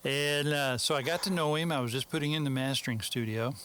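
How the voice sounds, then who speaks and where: As an interview guest, a Texan mastering engineer spins out a lengthy tale, easygoing and homespun, wandering off track and relying on fillers such as "so anyway." He talks briskly at a typical male middle pitch, with a little hiss or hum in the audio.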